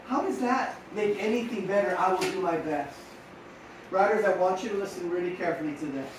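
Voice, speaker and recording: Man, high voice, middle-aged, lively coaching talk, echoey hall, a bit off mic. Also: a little fast, a little hiss or hum. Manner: energetic, rhetorical questions to the audience. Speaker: sports mental coach. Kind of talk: motivational talk to young riders. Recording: echoey room, mic at a distance.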